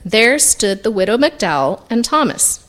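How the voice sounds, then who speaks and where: Woman reader for a picture book: lively, expressive, somewhat high voice. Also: a little slow. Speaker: story reader. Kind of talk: reading a picture book aloud.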